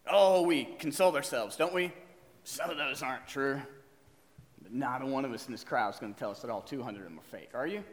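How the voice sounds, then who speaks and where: A man preaching from the pulpit, keeping up a lively back-and-forth of questions with his congregation. His voice sits high and swings widely in pitch. The long reverb of a church hall trails each phrase. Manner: animated, asks the congregation questions. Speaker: pastor. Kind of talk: sermon.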